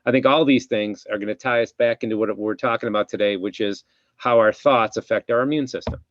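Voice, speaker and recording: Speaking briskly in a lowish voice with no echo, this podcast host, also a chiropractor, rambles reflectively through a casual interview, frequently starting his sentences over. The audio has a dull, dry, lo-fi quality.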